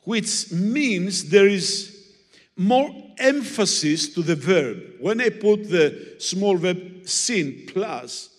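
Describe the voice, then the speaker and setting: Guy preaching in english, slow and animated, echoey church hall. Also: high-pitched. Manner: animated, teasing, with audience demonstrations. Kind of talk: sermon with Greek word study. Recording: long hall reverb.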